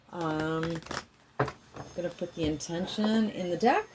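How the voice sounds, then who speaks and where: A woman, a tarot reader, talking casually and chanting repeated mantras in a drawn-out way. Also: fairly low pitch. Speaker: tarot reader and healing facilitator. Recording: noisy room with clicking sounds.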